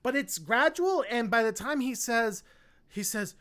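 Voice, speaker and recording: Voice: medium pitch, animated, measured pace, fairly bright tone. A podcast co-host giving a casual, opinionated film review, rambling with lots of fillers and restarts. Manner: opinionated, blunt.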